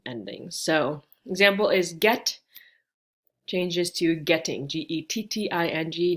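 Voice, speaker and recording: Chatty low-voiced woman teaching grammar. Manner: chatty and informal, with many fillers and asides. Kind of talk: casual online grammar lesson. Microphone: home webcam setup.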